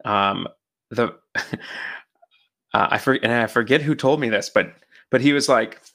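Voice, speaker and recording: Male podcast co-host with a gravelly voice, reflective, talks with many fillers. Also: mid-range voice, unhurried, sharp tone. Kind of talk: casual conversation on faith.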